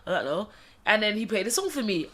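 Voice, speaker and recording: A woman, a guest telling lively personal stories and laughing often in a relaxed chat. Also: medium pitch, racing. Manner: animated storyteller, swears a lot, laughs often. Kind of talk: casual conversation.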